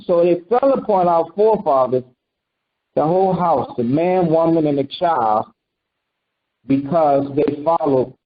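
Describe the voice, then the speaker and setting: A man with a notably high voice teaches scripture in a loose, conversational sermon, tossing questions to his listeners and slipping into quoted voices. The recording is dull and lo-fi. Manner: animated, quizzes listeners and acts out quotes. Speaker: preacher teaching a congregation.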